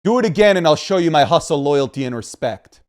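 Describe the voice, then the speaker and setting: A man's voice: on the high side, lively intonation, fairly quick, lightly acted. A man doing a stern tough-guy wrestler. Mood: menacing. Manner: stilted, like a video game character. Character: tough male wrestler giving a stern warning.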